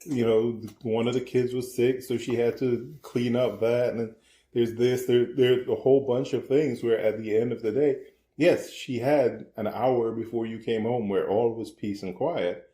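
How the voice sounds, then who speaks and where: A man co-hosting a ministry podcast, chatting with his wife over breakfast in a measured, explanatory way. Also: mid-range voice, fairly even intonation, mellow. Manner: measured, explanatory, leans into quoted dialogue. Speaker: podcast co-host, husband. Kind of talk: casual chat. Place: home, at the breakfast table. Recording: roomy echo.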